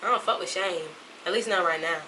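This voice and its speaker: A woman's voice: fairly low pitch, fairly quick, pushed and bright. A young woman with a put-on Southern US drawl, chatting to camera in a rambling, talkative way, recorded at home. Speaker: vlogger. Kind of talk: casual chat to camera. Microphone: camera mic at a distance. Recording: distant camera mic, faint room noise.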